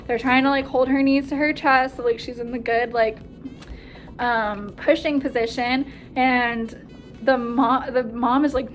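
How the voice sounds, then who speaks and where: High-voiced young woman telling a wild story. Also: unhurried, faint music behind. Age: young adult. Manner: animated, breathless retelling with frequent "like" and quoted voices. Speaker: nursing student vlogger. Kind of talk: excited storytelling vlog.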